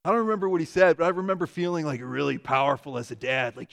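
A man in his thirties, a pastor giving a conversational sermon and telling stories with lively shifts in volume. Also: fairly high pitch, vocal fry. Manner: conversational, animated storytelling with quick shifts in loudness.

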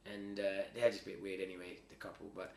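A man telling his story as a podcast guest in a slangy, rambling, animated way. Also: deep voice, fast, creaky, a little hiss or hum. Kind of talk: casual storytelling. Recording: roomy echo.

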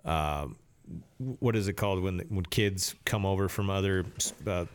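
Low smooth guy rambling thru a story on a podcast, lots of uh's. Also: normal speed. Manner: rambling storyteller, many fillers and restarts. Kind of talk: casual chat.

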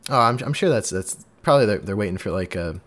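Animated low-voiced man hosting a podcast. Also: fast. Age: 20s. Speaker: podcast host. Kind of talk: casual podcast chat.

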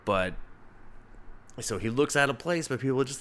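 A man's voice: mid-range voice, animated, moderate pace, fairly bright tone, clear, resonant tone. A young man casually reviewing comic books, swearing freely, rambling, and laughing at his own jokes. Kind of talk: casual solo review podcast.

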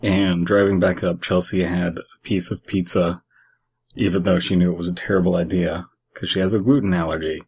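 A man's voice: sits low, little pitch movement, brisk, a little mellow, husky. A man hosting a podcast, chatting casually and rambling through a story, laughing easily. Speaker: podcast host. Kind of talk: casual chat.

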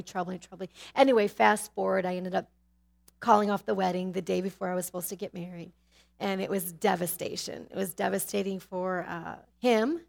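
A middle-aged woman sharing a personal faith testimony, candid and animated, with sudden drops to a hushed tone. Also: mid-range voice, vocal fry.

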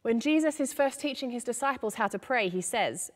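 A woman's voice: fairly high pitch, expressive, brisk, few pauses. A woman in her thirties from the church's children's team, giving a sermon in a storytelling manner with occasional laughs. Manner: warm storytelling with self-deprecating laughs. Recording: long reverb of a church hall.

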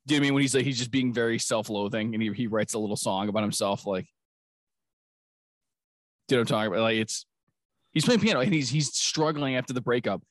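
A man's voice: mid-range voice, fast talker, pauses often, no room sound, clean studio sound. A man hosting a podcast in casual chat, rambling and laughing often as he acts out movie scenes. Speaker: podcast host.

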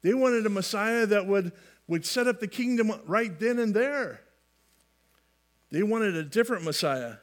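Man with a high-set voice preaching a casual, folksy sermon with light humor. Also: expressive, unhurried. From California. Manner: folksy, repeats and restarts phrases, light humor. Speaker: pastor.

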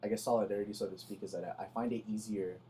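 A young man co-hosting a podcast in casual chat, pushing himself to talk louder than he normally does and telling stories with animation, close to the mic. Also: on the low side, fairly even intonation, racing, a little hiss or hum. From Salvadoran family in the United States. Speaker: podcast co-host.

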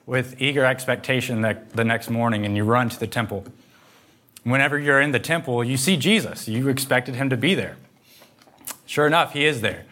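Preacher telling a story in second person. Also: male voice, medium pitch, fairly quick, fairly bright tone. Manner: vivid second-person retelling, acting out quotes. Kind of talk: sermon storytelling.

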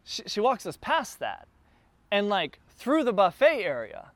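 A man telling a casual travel story, chatty and getting more excited as he goes. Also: high voice, unhurried, no room sound.

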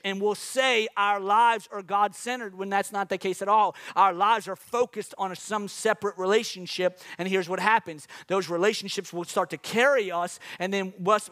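A man's voice: high voice, pushed and bright. A man preaching a sermon, exhorting his listeners with repeated phrases and calls to the audience. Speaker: pastor.

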